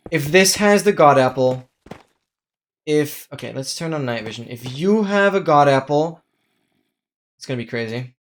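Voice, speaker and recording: A game streamer chatting casually during a live gameplay stream, excitable, exclaiming often and thanking viewers. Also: mid-range voice, normal speed, long pauses.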